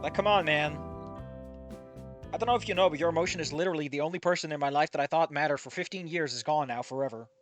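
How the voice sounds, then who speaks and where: A man's voice: fairly high pitch, fast talker, faint music behind. A man with a nasal voice on a headset mic, reading a fanfic aloud and breaking off to rant about it, rambling, profane and opinionated. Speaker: fanfic reader and commentator.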